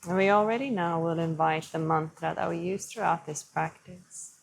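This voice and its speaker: A woman's voice: on the low side, fairly even intonation, creaky, rough recording. Soothing woman guiding a yoga class. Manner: slow, gentle and soothing. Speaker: yoga teacher. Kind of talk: guided yoga instruction.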